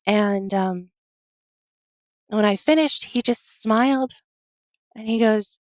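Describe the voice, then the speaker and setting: A woman guest on a podcast telling a personal story earnestly, halting often and quoting her own thoughts. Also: medium pitch, darkish tone, dry recording, lo-fi sound. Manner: earnest, halting, with many fillers and quoted self-talk.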